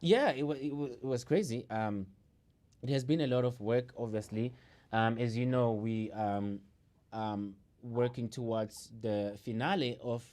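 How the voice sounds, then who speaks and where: A man hosts a casual online talk show, his voice sitting at an ordinary middle pitch. He laughs often, repeats himself and fills gaps with ums and you-knows. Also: measured pace, darkish tone. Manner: laughs often, repeats words, many fillers. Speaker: show host.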